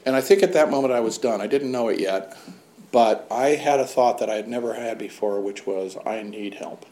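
Guy telling his story straight, wry and self-mocking, swears casually, medium pitch. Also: brisk, warm tone. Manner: wry, self-deprecating humor. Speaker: speaker sharing his recovery story. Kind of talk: candid personal storytelling.

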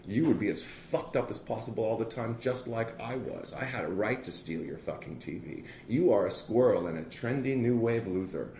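A middle-aged man tells a raw personal story, blunt and profane, and mocks himself as he goes. His voice sits fairly low, and it echoes in a roomy space with steady noise behind it. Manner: blunt, profane, self-mocking, animated. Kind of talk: personal recovery story told to an audience. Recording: echoey room with background noise.

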